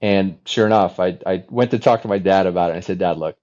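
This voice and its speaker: A man in his forties, a former fighter pilot, telling his story as a podcast guest in an animated, chatty way with many restarts. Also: deep voice, fast, lo-fi sound. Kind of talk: casual storytelling interview.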